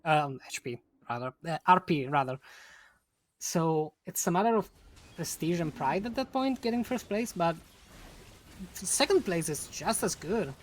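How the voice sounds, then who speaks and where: A woman co-casting a live esports tournament, adding relaxed, giggly analysis of plays and strategy. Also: lowish voice, unhurried, slight background noise. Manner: laid-back, giggly, analytical asides. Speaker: co-caster. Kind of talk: live esports color commentary.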